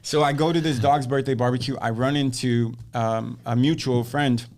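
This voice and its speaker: A man's voice: mid-range voice, moderate pace. A man, a real estate agent, telling his story as a guest on an interview podcast, acting out the dialogue he quotes. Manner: animated storyteller who acts out quoted dialogue.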